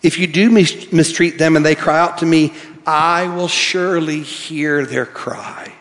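A pastor preaching a sermon, reading scripture aloud and swinging from soft, quiet lines to emphatic ones. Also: male voice, a little high, fairly even intonation, a little slow. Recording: long hall reverb.

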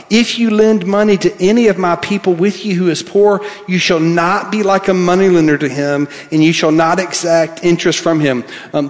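A pastor preaching a sermon, reading scripture aloud and swinging from soft, quiet lines to emphatic ones. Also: male voice, on the high side. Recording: long hall reverb.

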